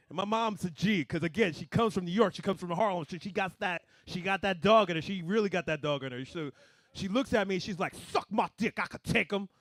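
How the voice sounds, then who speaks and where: A young man doing a stand-up comedy set, animated, swinging between mumbled asides and loud punchlines. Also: sits high, fairly quick, dry recording.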